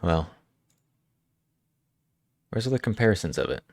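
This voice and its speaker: A deep-voiced man chats casually on a live stream, taking his time and laughing often. His talk rambles with restarts and chuckles. The sound is dry and close. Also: sing-song, unhurried, no echo.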